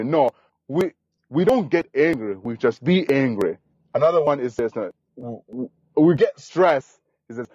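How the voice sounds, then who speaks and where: A man's voice: a little high, a little mellow, no room sound, muffled recording. A man as a podcast guest, talking earnestly and enthusiastically, repeating himself, with uneven grammar. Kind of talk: casual interview.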